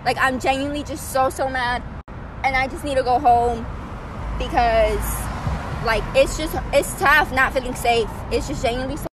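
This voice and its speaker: Against a noisy park background, a young adult woman who runs vlogs an angry rant to her phone, her voice sitting high with fairly even intonation at a moderate pace. Exasperated and heated, she keeps repeating herself, especially "freaking" and "like."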